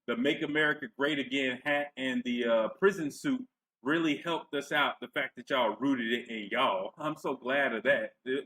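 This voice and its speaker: A man's voice: medium pitch, normal speed, bright, forceful tone, low-quality recording. A man giving a sarcastic, profane commentary rant into a clipping microphone set away from his face. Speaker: commentary vlogger. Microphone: clipping mic held away from face.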